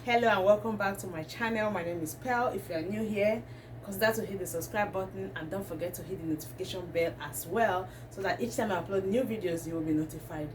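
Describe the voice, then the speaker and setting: A woman's voice: medium pitch, fast. A woman, talking to camera as a vlogger and ranting with indignation. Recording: distant mic, faint background noise.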